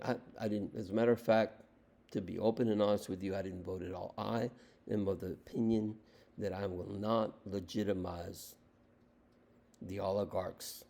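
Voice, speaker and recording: A man's voice: fairly low pitch, vocal fry, mellow. A man from the United States giving an impassioned political monologue, emphatic and repetitive, firing off rhetorical questions. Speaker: political commentator.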